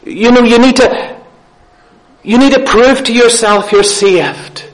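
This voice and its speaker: A man's voice: very high voice, takes it slowly, voice pushed up, rough recording. A man voicing a sly male devil who plants doubt with insinuating, nagging questions, as part of a sermon.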